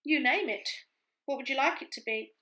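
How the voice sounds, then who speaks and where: A woman's voice: high-pitched, normal speed, pushed and bright, rough recording. A woman in a casual crafting chat, thinking aloud as she works. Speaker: craft vlogger.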